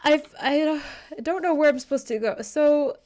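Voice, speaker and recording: High-voiced flustered woman streamer. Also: normal speed, darkish tone, slight background noise. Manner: rambling, flustered, swears freely. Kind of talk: live-streamed game commentary.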